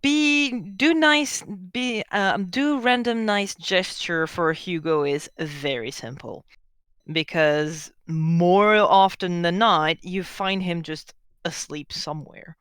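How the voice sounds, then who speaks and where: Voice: mid-range voice, takes it slowly, fairly bright tone, clear, resonant tone, no room sound. A game master running a tabletop game, explaining how characters react at length.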